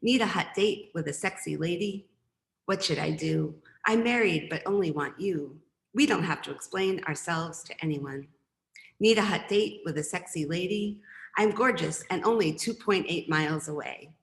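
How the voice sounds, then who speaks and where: A woman's voice: lowish voice, normal speed, creaky. Roomy-sounding woman poet reading aloud. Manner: chatty, rambling asides with laughs. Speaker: poet and professor. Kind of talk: poetry reading with casual asides.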